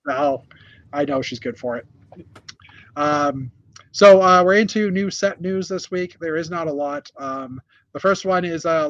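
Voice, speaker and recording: A man's voice: a little high, fairly bright tone, dry recording, muffled recording. A man hosting a casual news chat from a hotel room, rambling with many fillers and restarts. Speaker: host.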